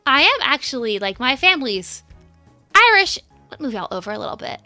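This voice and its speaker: A woman's voice: on the high side, very animated, fast, pushed and bright, no room sound, faint music behind. A young woman streaming as a VTuber, chatting casually and giggling often as she greets her chat by name. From United States.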